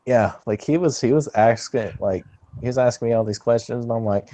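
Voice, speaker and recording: A man's voice: mid-range voice, normal speed, warm tone, dry recording, dull audio. A man co-hosting a casual podcast chat, telling jokey stories and laughing often. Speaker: podcast co-host.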